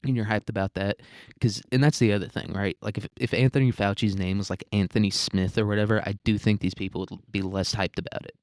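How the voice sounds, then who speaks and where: Dude ranting solo on his podcast, low voice, sarcastic and rambly, kinda crude, dry sound. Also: steady tone, quick pace, no room sound. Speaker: podcast host. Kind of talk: solo comedic rant.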